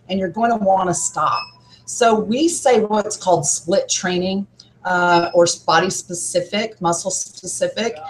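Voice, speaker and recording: A woman's voice: mid-range voice, a little hiss or hum, rough recording. A woman who works as a gym trainer, a podcast guest giving upbeat, coach-like workout advice.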